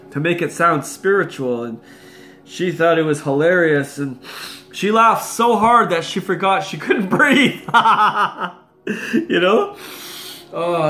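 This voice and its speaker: Bright high-voiced man preaching. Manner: animated, laughs often while storytelling. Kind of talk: sermon with personal testimony.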